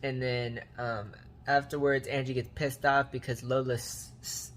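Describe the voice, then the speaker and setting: A man's voice: medium pitch, flat delivery, measured pace, a little hiss or hum. A man giving a casual comedic recap of a movie, rambling in slang and repeating catchphrases. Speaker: movie reviewer.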